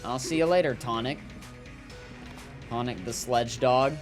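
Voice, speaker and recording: A man's voice: mid-range voice, unhurried, soft background music. Rambling jokey gaming streamer guy. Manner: rambling, jokey, lots of fillers. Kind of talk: casual gameplay commentary, reading chat.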